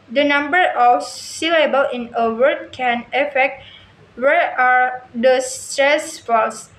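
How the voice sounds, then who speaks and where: High-pitched woman reading slow, lots of restarts, echoey room, a bit of noise behind. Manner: slow careful reading with frequent stumbles and restarts. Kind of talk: reading a lesson text aloud.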